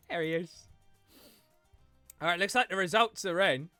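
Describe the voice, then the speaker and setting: A man's voice: sits high, pushed and bright, dry recording. A man chatting playfully with his viewers while he livestreams a game, teasing and laughing often. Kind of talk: casual gaming stream chat.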